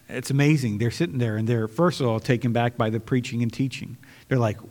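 A man's voice: medium pitch, fairly quick, darkish tone, big-room sound. A man preaching a sermon as pastor, earnest and conversational, often restarting his sentences.

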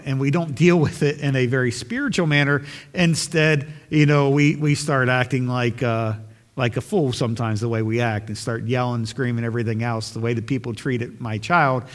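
A man's voice: mid-range voice, fairly even intonation, moderate pace, long reverb tail. A man preaching a sermon, earnest and pleading, building to emphatic questions.

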